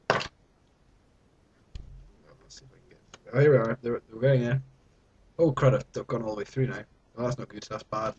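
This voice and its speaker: A man's voice: medium pitch, steady tone, normal speed, pauses often, background noise. A young British man talking to camera at home in a rambling, self-mocking, mock-dramatic way. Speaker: vlogger. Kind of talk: casual chat to camera.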